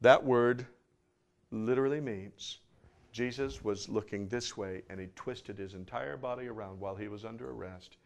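A man's voice: fairly low pitch, creaky. Emphatic male preacher, sermon. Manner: emphatic, swings from loud to hushed, dramatic pauses.

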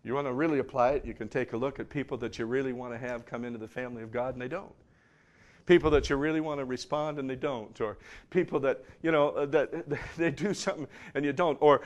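A male preacher delivering a sermon in a mid-pitched voice. He is emphatic and dramatic, rising to loud passages and then dropping to near-hushed tones. He leans on pauses to let points land.

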